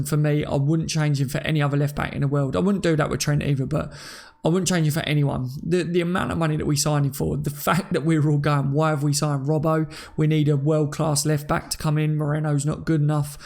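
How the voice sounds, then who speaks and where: Brief: Cockney male host, chatty live-stream talker, slightly high gravelly voice, reads out viewer comments. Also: a little mellow. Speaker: fan channel host. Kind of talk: casual live-stream chat.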